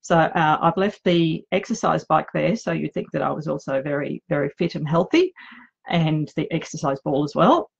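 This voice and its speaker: A woman's voice: deep voice, expressive, moderate pace, vocal fry, slightly rough, highs cut off. A middle-aged woman with an Australian accent, an author chatting casually and nervously in her home office, joking about herself. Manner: chatty, nervous and self-deprecating. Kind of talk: casual live video chat.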